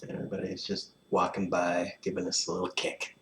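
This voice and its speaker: A man's voice: low voice, monotone, brisk, fairly bright tone, a little hiss or hum. A man rambling in a casual monologue, sardonic and crude, often mumbling his asides. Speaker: vlogger. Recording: roomy echo, faint background ambience.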